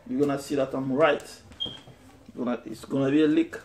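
A man's voice: medium pitch, steady tone, brisk, darkish tone. A man teaching a guitar lesson, explaining step by step with frequent fillers and restarts. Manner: explains step by step, switching between English and French, with many fillers. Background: guitar playing.

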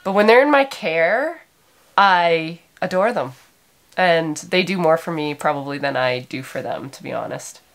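A woman's voice: low voice, lively intonation, a little slow. A tired woman, a sheep farmer, chatting emotionally in a casual vlog as she reads out viewer comments. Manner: emotional, warm and chatty with frequent laughs.

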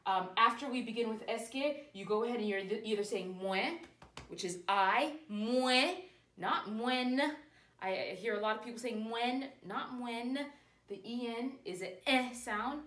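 A woman's voice: on the high side, normal speed, a bit bright. A woman teaching a language lesson, explaining patiently step by step. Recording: echoey room.

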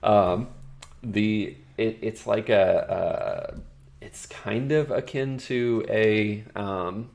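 Low creaky-voiced man, easygoing guest. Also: drawn-out words, a little mellow. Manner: easygoing, thinks aloud with many fillers. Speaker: podcast guest. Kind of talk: casual interview chat.

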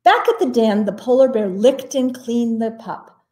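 Slow-reading woman librarian at story time. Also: on the high side. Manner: slow, expressive read-aloud. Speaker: children's librarian.

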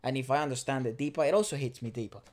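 A man's voice: medium pitch, racing, darkish tone. Chatty man co-hosting a reaction video. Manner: loose and chatty, swears casually, restarts words. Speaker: co-host of a music reaction channel. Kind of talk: casual reaction chat.

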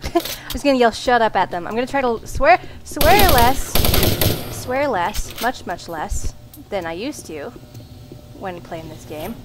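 A woman's voice: mid-range voice, moderate pace, loud music behind the voice. A woman commenting on a horror game as she plays, jumpy and often screaming at monsters. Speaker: gaming video host. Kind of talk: let's play commentary.

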